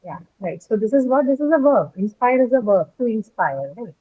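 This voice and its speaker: Woman, phonetics teacher, higher voice, tinny phone-like line, explains and quizzes. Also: sing-song, brisk. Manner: explains step by step, asks students questions. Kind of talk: online class lecture. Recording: tinny phone-like call audio.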